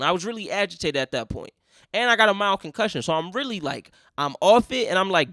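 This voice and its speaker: A man's voice: high voice, a little fast, gravelly, dry recording, clean studio sound. Profane young man telling a story. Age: young adult. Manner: profane, animated, acts out other people in quotes. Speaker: podcast host. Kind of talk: casual storytelling.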